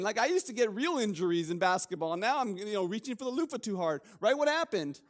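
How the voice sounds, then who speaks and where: A man's voice: high voice, very animated, quick pace. A young man preaching a casual sermon, joking with the congregation and restarting his sentences often. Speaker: pastor.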